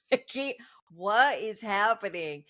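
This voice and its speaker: A woman co-hosting a casual talk show, telling animated work stories, laughing often and mimicking the people she quotes. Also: medium pitch, slow pace. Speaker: podcast co-host. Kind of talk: casual chat.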